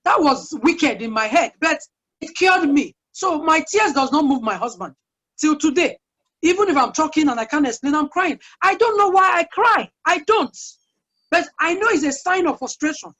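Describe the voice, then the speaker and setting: A woman's voice: sits high, animated, normal speed, a bit bright. A woman guest speaker giving an earnest, chatty parenting talk full of personal stories. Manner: earnest, chatty, sharing anecdotes. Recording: dull lo-fi sound.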